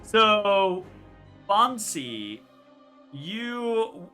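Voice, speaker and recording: A game master running a tabletop game online, playful and quick to stammer and laugh. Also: mid-range voice, very animated, sharp tone, faint music behind.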